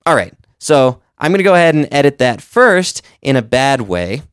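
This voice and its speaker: A man's voice: mid-range voice, sing-song, moderate pace, noisy background. A man and podcast host giving casual, conversational advice on editing, explaining with examples. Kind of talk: casual instructional talk.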